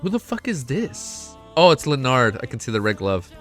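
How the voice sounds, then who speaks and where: A young man chatting casually on a live stream while reacting to a web novel, excitable and swearing often. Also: mid-range voice, normal speed, faint music behind.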